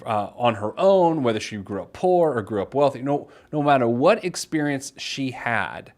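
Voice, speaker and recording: A man's voice: mid-range voice, expressive, normal speed, darkish tone. A man in his thirties hosting a casual financial advice radio show, self-deprecating, reading listener letters aloud.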